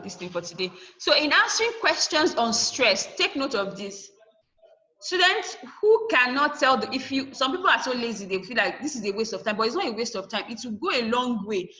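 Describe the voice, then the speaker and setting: A woman's voice: fairly high pitch, pushed and bright, lo-fi sound. A woman teaching a lesson over a video call. She asks questions and then answers them herself, and she repeats the key points to stress them. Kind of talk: online class lesson.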